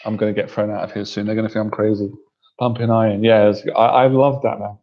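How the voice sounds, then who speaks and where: A man's voice: on the low side, little pitch movement, fast talker. Playful chatty male dating coach. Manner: chatty, playful, often laughing. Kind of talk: casual coaching talk to a group. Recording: dull lo-fi recording.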